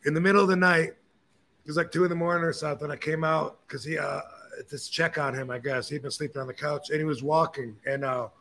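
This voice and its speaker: A man hosting a podcast, telling stories and opinions in a casual, animated way, with frequent swearing. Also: a little high, fairly quick, a little hiss or hum. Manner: animated, profane storyteller. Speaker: podcast host. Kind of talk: casual chat.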